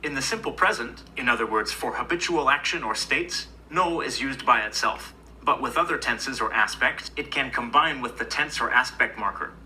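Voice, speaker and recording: Man, mid pitch, bright tone, calm explanatory lesson narration. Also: normal speed, slight background noise, poor audio. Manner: even, explanatory. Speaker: language video narrator. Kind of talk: scripted educational narration.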